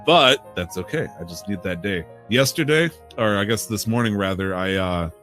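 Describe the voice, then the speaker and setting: A man's voice: on the low side, normal speed, fairly bright tone, soft background music. A man co-hosting a podcast, telling rambling, profane stories with frequent laughs in a casual chat. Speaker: podcast co-host.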